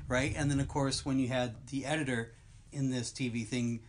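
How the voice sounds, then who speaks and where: A man's voice: mid-range voice, steady tone, normal speed. A man co-hosting a podcast in casual chat, rambling and going off on long tangents. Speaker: podcast co-host.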